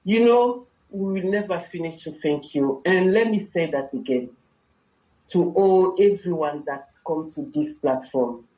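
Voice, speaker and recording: A woman's voice: fairly low pitch, a little slow, mellow, echoey room, dull audio. A woman on a call speaking effusively and gratefully, often saying amen. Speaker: caller. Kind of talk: casual phone chat.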